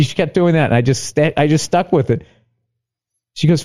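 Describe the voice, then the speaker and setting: A middle-aged man, a stand-up comedian, telling a story casually on a podcast, profane and animated as he acts out both sides of an argument. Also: medium pitch, brisk.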